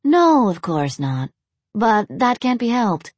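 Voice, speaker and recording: A woman's voice: medium pitch, sing-song, slow pace, dry recording, voice pushed up. Woman voicing a sardonic undead woman. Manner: mocking, blunt.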